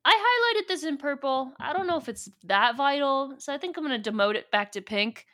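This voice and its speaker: Woman podcast host chatting through a book recap, kinda high and really bright, jokey and rambly. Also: expressive, fairly quick. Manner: rambling, joking, retells scenes with quoted dialogue. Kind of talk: casual book recap and reading.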